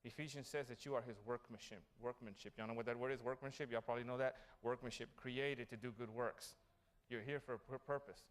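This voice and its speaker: A man's voice: mid-range voice, brisk, hardly any pauses. A man giving a motivational graduation speech, telling stories and asking the audience questions. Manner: animated storytelling, asks the audience questions. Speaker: graduation guest speaker. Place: city hall event.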